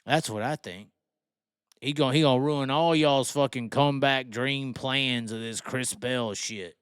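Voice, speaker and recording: A man with a medium-pitched, slightly bright, smooth voice speaks at a measured pace in clean studio sound with no room echo. He hosts a racing livestream, ranting heatedly and swearing while he mocks fans and reads the chat.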